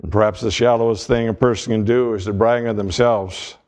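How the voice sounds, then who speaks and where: Guy preaching a sermon, slow and measured, tells little jokes along the way. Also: lowish voice, steady tone, a little mellow. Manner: measured preaching with folksy humor. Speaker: pastor.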